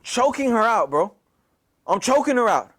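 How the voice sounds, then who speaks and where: Young guy, high-pitched, telling a story, slangy and cussing, repeats stuff a lot. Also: moderate pace. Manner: slangy, profane, animated retelling with many repeats. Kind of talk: casual storytelling.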